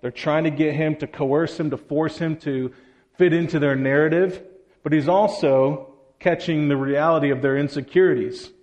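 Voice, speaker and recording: A man's voice: on the high side, fairly even intonation, moderate pace, a little mellow. A man preaching a sermon, speaking to children and the congregation and acting out the quoted lines of scripture with expression. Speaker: pastor.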